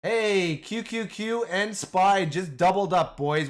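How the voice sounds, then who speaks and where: A man chatting casually through a trading livestream, rambling and excitable, calling his viewers "boys" and "man". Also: sits high, slow pace. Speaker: stock trading streamer. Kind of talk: casual livestream chat over charts.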